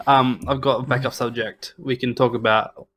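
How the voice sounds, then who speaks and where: A man's voice: medium pitch, flat delivery, moderate pace, fairly bright tone. A young Australian man co-hosting a casual podcast chat, telling stories in a rambling, stop-start way. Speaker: podcast co-host.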